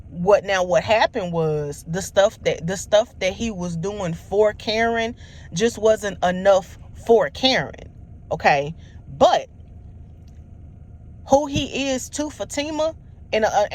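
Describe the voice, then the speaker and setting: Rambling woman recapping a TV episode. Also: mid-range voice. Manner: rambling, many restarts and fillers, acts out quotes. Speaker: TV show reviewer.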